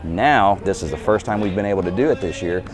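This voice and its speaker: A man's voice: low-pitched, lively intonation, quick pace, music in the background. A man, an event organizer, giving a casual interview in a rambling way and restarting his sentences.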